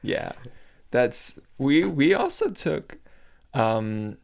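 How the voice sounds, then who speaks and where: A young man co-hosts a podcast in relaxed, halting chat. He restarts his sentences and chuckles often. His voice sits at a middle pitch. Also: creaky. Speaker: podcast co-host. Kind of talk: casual chat.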